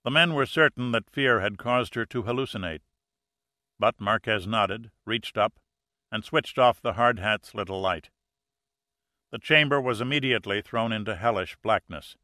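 A male audiobook narrator reading in a measured, suspenseful style. His voice sits low with a bright edge, recorded dry and close. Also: dry recording. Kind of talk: scripted narration.

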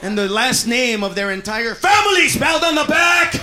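An American male stand-up comedian riffing loudly and profanely at his audience in a comedy club. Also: very high-pitched, big pitch swings, moderate pace. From United States. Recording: loud crowd laughter and noise, live club.

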